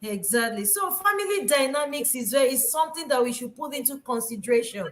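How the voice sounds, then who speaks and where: A woman hosting a casual discussion, talking haltingly with many fillers and restarts. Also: high-pitched, expressive. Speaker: talk show host. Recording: echoey room.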